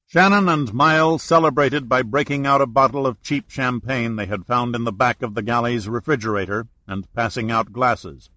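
A man narrating an adventure novel as an audiobook reader, in steady storytelling. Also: medium pitch, dry recording. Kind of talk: scripted narration.

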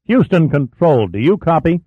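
A tense male space station commander snaps out clipped, forceful orders, as a man reads him aloud. His voice is pitched higher than usual and grows exasperated. The sound is thin and phone-like, with no room echo. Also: sing-song, moderate pace, breathy edge. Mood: angry. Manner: clipped, forceful, rising to anger. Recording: dry, thin phone-like audio.

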